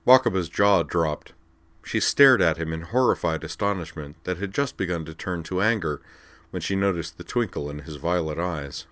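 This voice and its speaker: A man narrating fiction aloud in a calm, measured storytelling manner. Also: deep voice, dry recording. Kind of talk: audiobook-style fiction reading.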